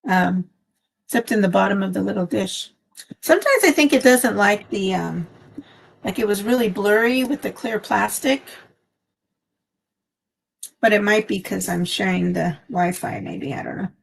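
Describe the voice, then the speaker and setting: A woman's voice: mid-range voice, animated, moderate pace, gravelly, long pauses. A woman hosting a casual craft live stream from home, chatting in a meandering way with lots of fillers, recorded on a phone. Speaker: craft channel host.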